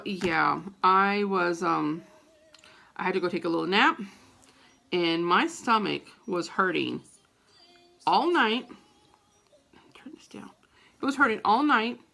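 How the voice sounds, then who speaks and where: A middle-aged woman tells a story to her viewers with a lot of energy and casual swearing. Her voice is full of vocal fry. She talks in a mid-range pitch for a woman. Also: slow, long pauses. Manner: animated, profane, acts out quoted voices. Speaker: vlogger.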